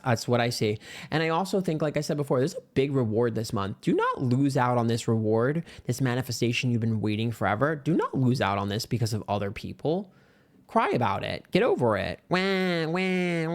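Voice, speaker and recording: A man reads tarot cards in a loose, chatty way, at a middle pitch for a man. He is brash and sassy and swears freely. His voice leaps high whenever he wants to hammer a point home. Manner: swings into sudden high-pitched emphasis. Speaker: tarot reader. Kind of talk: casual pick-a-card tarot reading.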